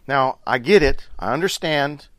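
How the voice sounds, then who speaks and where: A man's voice: medium pitch, lively intonation, measured pace, a bit bright, dry recording. A middle-aged man giving an earnest, instructive talk on relationships, coaching his listeners. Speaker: relationship speaker.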